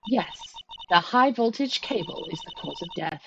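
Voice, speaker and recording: A woman voicing a calm, confident female defense attorney who speaks in a steady, reassuring way. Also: fairly high pitch, normal speed, muffled recording, a little hiss or hum. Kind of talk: reading a game aloud. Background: game music.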